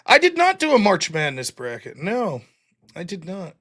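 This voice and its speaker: A man's voice: high-pitched, huge pitch swings, normal speed, fairly bright tone. A man hosting a casual live stream, rambling through stories, laughing often and swearing. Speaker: livestream host. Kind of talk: casual livestream chat reading chat.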